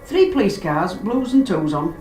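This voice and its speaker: In a mid-range voice at normal speed, a woman animatedly recounts odd happenings in a house, performing the quoted voices and using dialect grammar. The casual storytelling is captured on a distant mic in a roomy space, with background noise and faint music behind.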